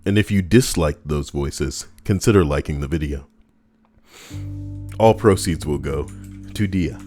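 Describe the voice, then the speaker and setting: A man's voice: a bass voice, measured pace, mellow, soft background music. A man reading stories aloud for his channel and breaking off into joking, rambling asides, swearing casually.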